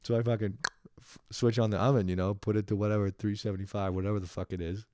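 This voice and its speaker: A man's voice: on the low side, little pitch movement, fast talker, dark tone, a little hiss or hum. A young man in his twenties, a podcast host telling a rambling story and ranting with constant swearing and laughter. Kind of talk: profane comedic rant.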